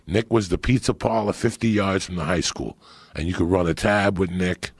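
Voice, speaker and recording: A middle-aged man telling animated, profane stories in casual chat on a podcast. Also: sits low, normal speed, slightly rough, dry recording. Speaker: podcast guest storyteller.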